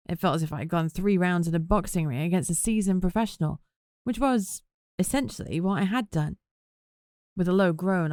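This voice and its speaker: A woman with a low voice reading a first-person novel aloud. Her narration is wry and conversational, with a close, dry sound. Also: darkish tone, dry recording. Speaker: audiobook narrator.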